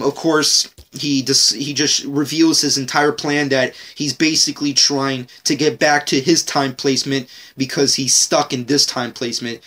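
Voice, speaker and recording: A man giving an excitable, rambling TV episode review, swearing often and restarting his sentences. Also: on the high side. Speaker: TV show reviewer. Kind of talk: casual spoken review.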